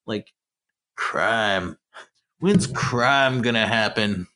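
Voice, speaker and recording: A man co-hosting a podcast, chatting casually and jokingly about a movie. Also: on the low side. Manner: animated, joking, quick to laugh. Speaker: podcast co-host. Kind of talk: casual movie-discussion chat.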